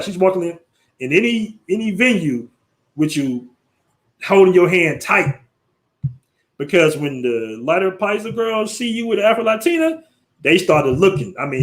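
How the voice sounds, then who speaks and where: An American man hosting a casual livestream, talking in loose slang and laughing often as he tells stories and reads out viewer messages. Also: on the high side. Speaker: livestream host. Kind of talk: casual live-stream talk.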